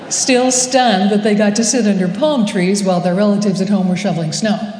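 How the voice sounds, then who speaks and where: A woman pastor preaching a sermon, telling a story slowly with gentle humor. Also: medium pitch, a little hiss or hum. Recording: echoey hall with long reverb.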